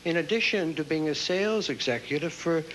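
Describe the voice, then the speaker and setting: A man hosting a pageant, interviewing contestants on stage with quick, joking banter. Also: on the high side, a bit bright. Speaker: pageant host. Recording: noisy live stage recording.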